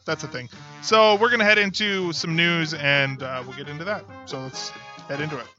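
A man's voice: fairly high pitch, fairly even intonation, brisk, over loud music. A man hosting a casual podcast, rambling and jokey, often correcting himself mid-sentence. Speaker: podcast host. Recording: dull lo-fi podcast audio.

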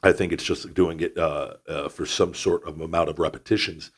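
A man's voice: a bass voice, steady tone, normal speed, husky. A man hosting a podcast, giving a blunt, rambling motivational talk with casual swearing. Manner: blunt, profane, rambling with restarts. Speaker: podcast host.

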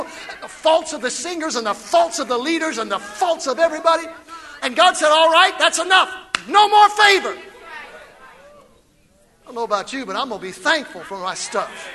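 A man preaching a fiery sermon as pastor, building from quiet reading to shouted calls. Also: very high-pitched.

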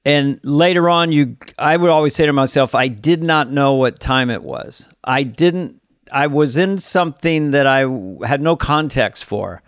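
Slightly high man in dry, playful chat. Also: lively intonation, measured pace, dry recording. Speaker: podcast co-host. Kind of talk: casual chat.

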